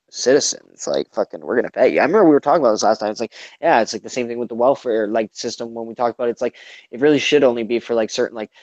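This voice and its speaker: A man's voice: mid-range voice, darkish tone, no room sound. Man, casual political chat, rambling and swearing, dull lo-fi dry sound. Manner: rambling, heavy on fillers and swearing, acts out quotes.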